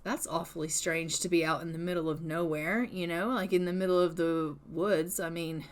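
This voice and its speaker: A woman voicing a frightened young female vampire huntress in a narrated life-sim story, talking in quick exclamations that turn frantic when she is scared. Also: lowish voice, steady tone, voice pushed down, natural voice. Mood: puzzled.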